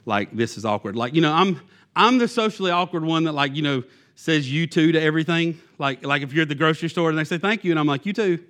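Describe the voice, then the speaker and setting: A man's voice: on the high side, fast, a bit bright. A man who is a youth pastor, giving a sermon in a conversational, self-deprecating way, with many fillers and restarts.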